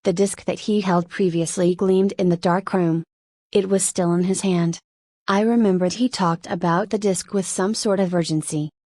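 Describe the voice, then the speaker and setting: A woman narrating a first-person light novel audiobook in a steady, measured reading. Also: on the low side, dry recording.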